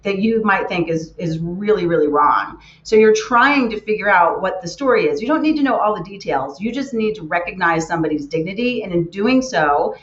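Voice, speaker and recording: A woman's voice: medium pitch, animated, brisk, hardly any pauses. A woman giving an earnest keynote talk, stressing her points by repeating words. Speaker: keynote speaker. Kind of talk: motivational talk. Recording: roomy, muffled lo-fi sound.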